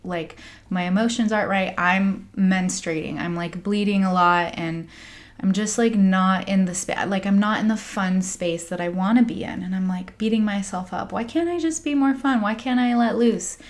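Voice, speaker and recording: A young American woman, a spiritual coach, talking in a candid, rambling monologue full of "like" and soft laughs. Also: mid-range voice, normal speed. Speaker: spiritual coach and podcast host. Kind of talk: casual confessional monologue.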